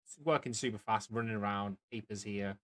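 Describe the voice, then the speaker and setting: A man's voice: lowish voice, fairly even intonation, fairly quick, a bit bright. A man from the UK narrating a tabletop game as game master, rambling with many fillers and restarts.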